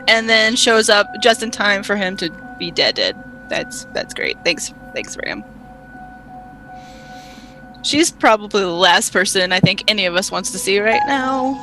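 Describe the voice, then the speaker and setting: A woman's voice: fairly high pitch, sharp tone, rough recording. A woman playing a tabletop game who talks casually, with a dry, sarcastic edge. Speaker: player.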